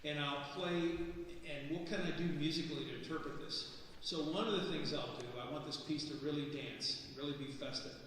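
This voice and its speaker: A man's voice: on the high side, a little fast, fairly bright tone, recorded from a distance, a little hiss or hum. A man giving a casual live lecture at a percussion clinic, restarting words and asking the audience questions. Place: concert hall stage. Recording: echoey hall recorded from afar.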